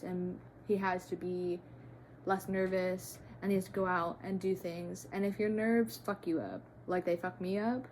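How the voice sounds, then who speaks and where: A woman in her early twenties chatting through a casual Q&A vlog, rambling excitably with playful tangents. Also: medium pitch, slight background noise. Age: early 20s. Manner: frequent "like" fillers, playful tangents. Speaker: vlogger. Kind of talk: casual Q&A chat.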